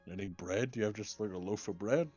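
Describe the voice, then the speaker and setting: A man's voice: lowish voice, fast talker, darkish tone, faint music behind. A man playing in a tabletop game, joking and laid-back. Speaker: player. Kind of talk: casual tabletop play. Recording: dull lo-fi audio.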